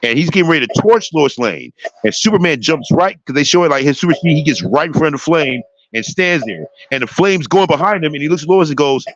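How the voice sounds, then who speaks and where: A man's voice: on the high side, expressive, fast talker, no room sound. A man hosting a casual chat, talking with enthusiasm and rambling, with many restarts, over a slightly dull lo-fi mic. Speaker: show host. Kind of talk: casual chat about a TV show.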